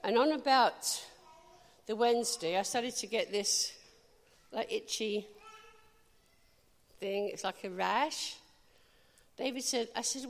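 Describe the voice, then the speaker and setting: A woman preaching a sermon, telling a personal story with lively, animated delivery and bursts of laughter. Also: fairly high pitch, measured pace, big-room sound.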